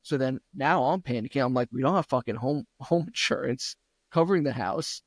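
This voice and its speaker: A man's voice: mid-range voice, a little fast, dry recording. A young adult man co-hosting a podcast, telling a home repair story in casual, profane chat and acting out what others said. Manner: profane storytelling with acted-out quotes; rants loudly when worked up. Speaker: podcast co-host.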